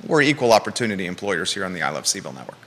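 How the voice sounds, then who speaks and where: A man's voice: low-pitched, big pitch swings, rapid-fire, a bit bright, in a large hall. A man hosting a live local talk show, blunt and emphatic, with joking asides.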